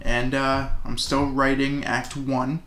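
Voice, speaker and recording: Man, podcast co-host, rambling casual chat, mid-pitched, roomy echo. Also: flat delivery, slow, fairly bright tone, slight background noise. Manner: rambling, joking, many fillers.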